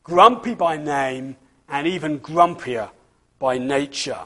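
A man giving a children's talk, reading a storybook aloud and turning to the listeners with questions. His voice is high for a man and slightly husky. He speaks at an unhurried pace. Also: bright, forceful tone.

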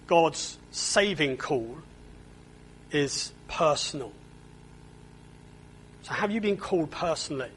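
A man's voice: high-pitched, breathy edge, poor audio. A man preaching a sermon in a church, earnest and often repeating words as he stresses a point.

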